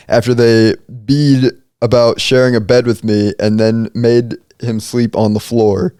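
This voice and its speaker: A young man co-hosts a casual podcast, speaking in a relaxed, deliberate way with frequent small restarts. His voice is mellow and soft-edged. It is recorded close and dry. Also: medium pitch, clear, resonant tone, no echo. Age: young adult. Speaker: podcast co-host. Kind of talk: casual podcast chat and reading posts aloud.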